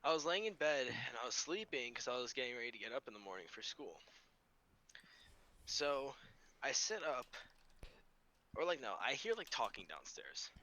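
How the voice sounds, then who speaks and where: A teenage man hosting a casual podcast and telling a story in an animated way, swearing freely. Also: mid-range voice, moderate pace, pauses often. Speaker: podcast host.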